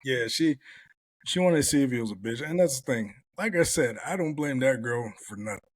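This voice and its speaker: A man talks loosely and bluntly on a podcast, swearing freely as he tells stories. His voice sits at an ordinary male pitch. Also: expressive, brisk. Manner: blunt, profane storytelling. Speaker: podcast host. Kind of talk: casual chat.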